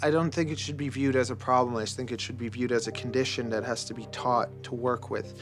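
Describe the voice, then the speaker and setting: A mid-pitched man speaks earnestly in an interview and walks through his points. He leans on rhetorical questions, and soft music plays faintly underneath. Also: fairly even intonation, fast talker. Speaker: barber interviewed about his life. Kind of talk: reflective interview.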